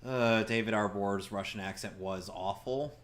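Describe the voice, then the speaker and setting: A man's voice: lowish voice, unhurried, a bit bright, a little hiss or hum. A man doing casual let's-play commentary, joking wryly and sarcastically while he plays. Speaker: gameplay commentator.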